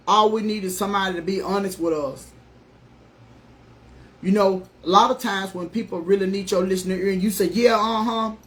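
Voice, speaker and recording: A middle-aged woman life coach giving an earnest, emphatic, folksy motivational talk on a live stream. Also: mid-range voice.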